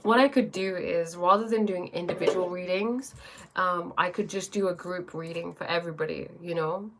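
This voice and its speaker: Woman live streaming, bit of vocal fry, chatty, greets viewers, reads out cards, restarts sentences a lot. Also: fairly low pitch, fairly even intonation, normal speed, background noise. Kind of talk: casual live stream chat and oracle card reading.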